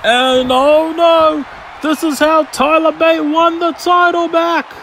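A man with a high voice does play-by-play for a wrestling video game, drawing his words out slowly. He bursts into shouts at near-falls and big moves. Faint game sound hums behind him. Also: little pitch movement, slight background noise. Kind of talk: excited play-by-play commentary.

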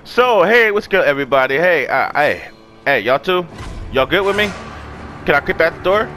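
A young man casually commenting on his gameplay, loud and excitable, cursing and trash-talking the enemies. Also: fairly high pitch, moderate pace, over music. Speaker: gaming channel host.

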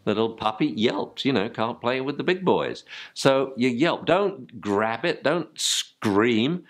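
A man's voice: mid-range voice, expressive, takes it slowly. An older man, teaching dog training informally and acting out yelps and spoken commands to dogs.

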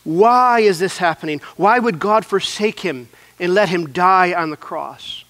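A man preaching a sermon as pastor, in an earnest, measured way with repeated phrases. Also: sits high, a bit bright, no room sound.

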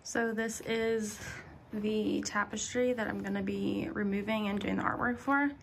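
Young female DIY vlogger, croaky morning voice, easygoing chat, slight hiss behind. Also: mid-range voice, unhurried. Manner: relaxed, chatty, many fillers. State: groggy morning voice. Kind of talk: casual home vlog narration. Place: apartment living room.

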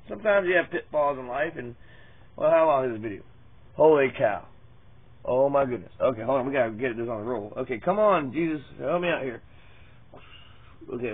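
A man rambles through a parody Bible reading, swearing and losing his place as he goes. His voice is husky and a little high. The sound is tinny and lo-fi, like a phone line. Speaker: mock preacher.

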